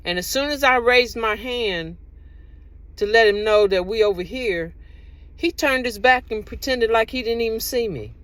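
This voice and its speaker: A woman's voice: a little high, moderate pace, a bit bright, no echo. A woman talking casually to her own camera, giving relationship advice with rambling, repetitive, emphatic storytelling.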